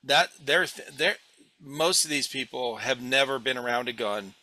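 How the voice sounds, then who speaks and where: Bright, blunt podcast host man. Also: mid-range voice, moderate pace, no echo. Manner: blunt, swearing, animated storyteller. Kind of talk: casual podcast chat.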